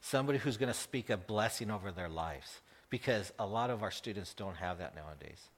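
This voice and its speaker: Earnest middle-aged preacher telling a story. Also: male voice, fairly low pitch, animated, brisk. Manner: earnest, emotional storytelling with laughs. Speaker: pastor. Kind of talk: personal story in a sermon.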